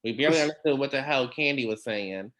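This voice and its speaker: A man hosting a relaxed recap show, voice sitting in a middle pitch. He talks in a chatty, animated way, full of quick asides and little laughs. It is casual conversation, never scripted. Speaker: podcast host.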